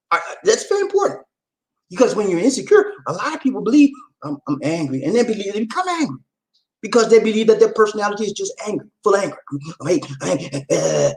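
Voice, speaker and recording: A man giving motivational relationship advice to viewers in a preachy way, often checking that they follow him. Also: high-pitched. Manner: animated, preachy, keeps checking in with listeners.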